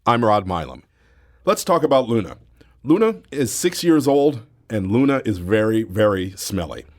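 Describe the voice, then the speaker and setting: A man hosting a radio talk show, reading an introduction and asking an interview guest questions in a measured way. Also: on the low side, sing-song. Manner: measured, friendly questioning with brief backchannels. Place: radio studio.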